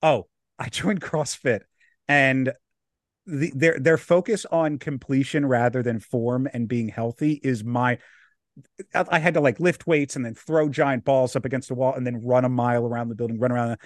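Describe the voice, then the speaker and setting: A young podcast co-host tells a story during casual chat, animated and laughing as he acts out the people in it. His voice is mid-range at a normal speed, and the studio sound is clean with no echo.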